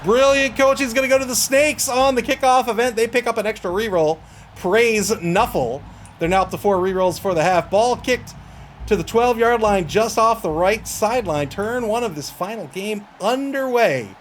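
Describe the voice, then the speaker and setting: A man commentating a tabletop-style sports video game live on stream, chatty and quick to laugh. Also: high-pitched, a little hiss or hum. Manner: chatty, laughs often, exasperated at connection trouble. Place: home streaming setup.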